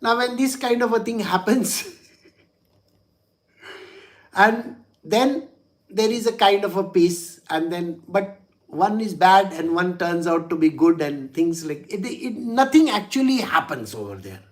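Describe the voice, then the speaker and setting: A man's voice: sits high, expressive, unhurried. A man, a spiritual teacher telling a religious story in a chatty way, with frequent chuckles and "you know" asides.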